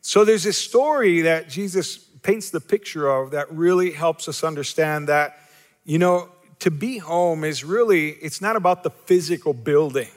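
A man's voice: on the high side, normal speed, long reverb tail. A male pastor preaching a sermon, asking the congregation rhetorical questions, repeating key phrases for emphasis, and joking at his own expense. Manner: self-deprecating humor.

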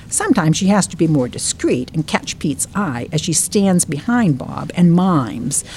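Older woman author, low mellow voice, expressive reading, faint room noise. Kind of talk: reading from her book, then interview chat. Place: bookstore.

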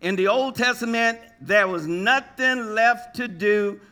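A male preacher with a high, bright, ringing voice delivers a lively sermon. He throws questions at the congregation and waits for their answers. He breaks into joking impressions of the people he describes. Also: unhurried. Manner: call-and-response, asks the congregation questions; lively, jokes, mimics people.

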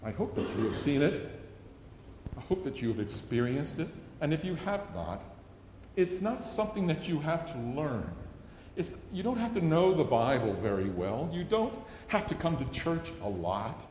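A man's voice: on the high side, very animated, moderate pace, a little mellow, slight background noise. A middle-aged man preaching a sermon, telling stories earnestly and acting out a child's pleading. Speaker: pastor. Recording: echoey hall with long reverb.

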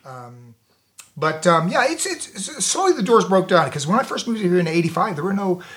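A middle-aged Floridian with a Southern US accent, an actor and martial artist, joins a podcast as a guest for casual chat. He speaks emphatically, repeating and restarting phrases, in a high-pitched, very animated voice at a moderate pace with a slightly bright tone.

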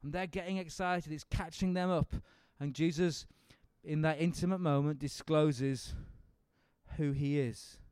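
A man teaching a Bible seminar, animated and acting out the speakers in the story. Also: on the high side, measured pace, smooth, no echo. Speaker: preacher leading a seminar. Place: seminar room with an audience.

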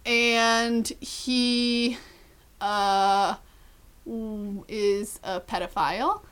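Young woman, podcast co-host, bright tone, casual filler-heavy chat. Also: fairly high pitch, fairly even intonation, extremely slow, clear, resonant tone. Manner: chatty, filler-heavy, lots of "like".

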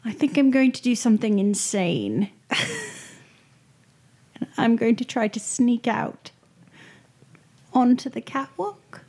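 A woman playing in a tabletop game, speaking in a measured, slightly formal way. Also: fairly high pitch, lively intonation, gravelly, dark tone, husky. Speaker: player. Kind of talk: casual tabletop chat.

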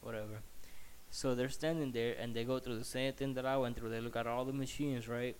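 A man's voice: mid-range voice, fairly even intonation, fairly quick, a little hiss or hum. A man telling a story in a heated, profane, rambling rant while slightly sick.

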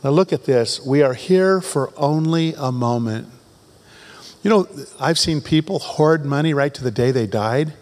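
A man's voice: fairly high pitch, animated, a little slow, a little mellow. A man preaching a sermon to his congregation, reading scripture with rising fervor and tossing in joking asides. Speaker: pastor. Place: church sanctuary.

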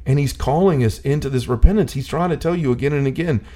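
A man's voice: mid-range voice, fast talker, warm tone. A man talking earnestly about faith in a casual discussion, full of "like" fillers, building to a preachy intensity.

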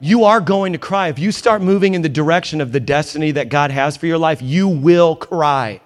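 A man's voice: a little high, fast talker. A man pastor preaching a sermon in a church, emphatic and conversational with joking asides. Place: church in New York.

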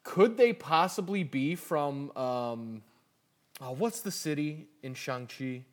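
A man's voice: a little high, expressive, takes it slowly. A man co-hosting a casual podcast, speaking hesitantly and repeating words as he works out his thoughts. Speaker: podcast co-host. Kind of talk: casual chat.

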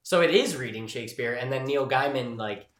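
A man's voice: mid-range voice, expressive, fairly quick, fairly bright tone, roomy sound. A man co-hosting a podcast, talking in a rambling, jokey way in casual chat. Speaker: podcast co-host.

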